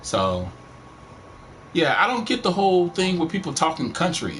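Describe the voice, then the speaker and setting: High-pitched, very animated and fairly bright, this middle-aged man's Texan country accent comes through at normal speed as he streams a game from home. His let's-play chatter is casual, rambling, laid-back and profane.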